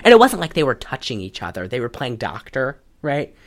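A woman casually recapping a film's plot on a podcast, telling it in an animated way with lots of "like.". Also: a bass voice, a little fast. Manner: animated storytelling, frequent "like". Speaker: podcast co-host. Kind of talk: casual film recap chat.

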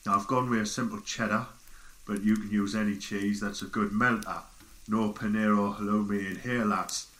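A man voicing a hairy, gruff male Geordie biker cook with a Geordie accent, giving a deadpan comic recipe demonstration in an echoey recording. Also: lowish voice, normal speed, lightly acted. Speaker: recipe presenter. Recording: echoey, sounds like a station tannoy.

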